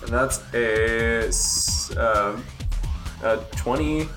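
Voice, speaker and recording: A man's voice: medium pitch, slow pace. A man playing in a tabletop game, talking loosely with hesitations and fillers. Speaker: player. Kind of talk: casual game chat. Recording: echoey room, distant mic, music.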